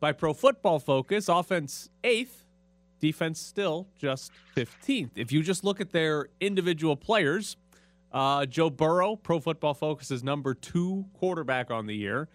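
A man's voice: fairly high pitch, measured pace, dry recording. A man hosting a sports radio show, talking casually and running through statistics with animation. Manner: animated, laughing, stats-heavy.

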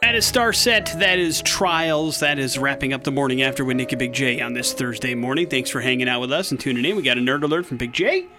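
A man's voice: mid-range voice, music in the background. A man hosting a morning radio show, upbeat and jokey, running call-in games and reading promos in a studio. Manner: upbeat, quick, jokey, reads phone number and promos. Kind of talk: casual morning radio banter.

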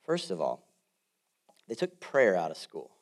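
A male pastor preaching a sermon in a casual, jokey way, swinging from loud bursts to quiet asides. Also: deep voice, unhurried. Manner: animated, swings between loud and soft.

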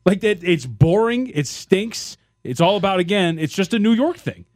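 A man's voice: high voice, animated, normal speed, dry recording, studio quality. A man co-hosting sports radio, blunt and sarcastic, mocking athletes. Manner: blunt, sarcastic, bursts into loud chanting.

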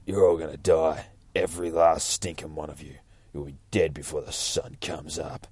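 A man reading a comic aloud and voicing a menacing, huge male brute who sneers out slow, low threats. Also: level tone, darkish tone, husky, no echo.

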